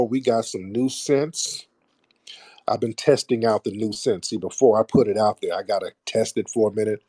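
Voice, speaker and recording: A man's voice: lowish voice, warm tone, husky, no room sound. A middle-aged man hosting a radio show, talking bluntly and profanely to his listeners in a casual monologue. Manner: mocks others in put-on voices.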